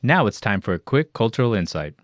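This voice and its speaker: A man with a very low voice narrates a language lesson in an even, explanatory tone, introducing each phrase and its parts. His voice is recorded close and dry. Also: brisk, dry recording. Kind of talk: scripted instructional narration.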